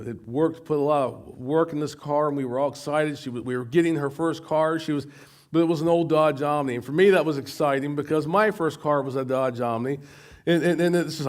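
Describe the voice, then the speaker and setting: A man's voice: a little high, darkish tone. A middle-aged American man preaching a sermon, often stumbling and repeating words as he goes. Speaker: pastor.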